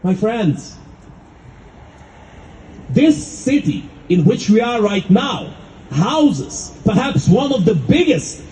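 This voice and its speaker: A man gives an impassioned public address, his voice sitting very high and swinging widely in pitch. He builds his points with rhetorical repetition and dramatic pauses. Faint noise hangs behind the recording. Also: mellow, rough recording. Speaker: speaker at a rally.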